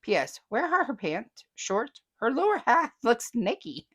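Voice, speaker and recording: A woman's voice: on the high side, very animated, takes it slowly, a bit bright, husky. A chatty woman, hosting a casual vlog and reading viewer comments aloud with frequent laughter. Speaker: host.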